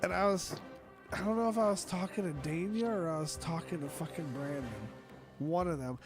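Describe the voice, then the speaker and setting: A man's voice: on the high side, fairly quick, music in the background. A man with a cough, hosting a casual online chat and ranting with lots of swearing and exasperation. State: sick with a cough.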